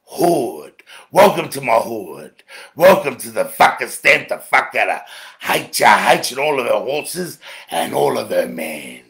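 An Australian man in an angry, profane monologue to camera, dropping to low mutters, then shouting. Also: gravelly. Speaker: video ranter.

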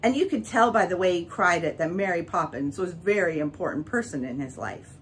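A woman's voice: fairly low pitch, a little fast, slight background noise, poor audio. Woman reading a children's book aloud. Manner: expressive, varied reading. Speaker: storyteller.

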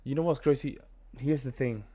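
American man, reaction video host, casual rambling commentary, lots of fillers, mid-pitched voice. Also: moderate pace, warm tone. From United States. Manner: rambling, repeats himself, many fillers.

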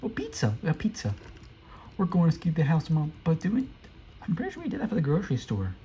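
A young man giving live, excitable commentary while playing a video game, often repeating quick exclamations. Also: fairly high pitch, slight background noise, poor audio. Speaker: gameplay streamer.

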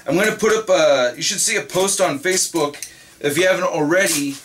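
Excitable man, high and bright, casual vlog delivery, swears and shouts. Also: fairly quick, a little hiss or hum. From Northern California. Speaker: vlogger.

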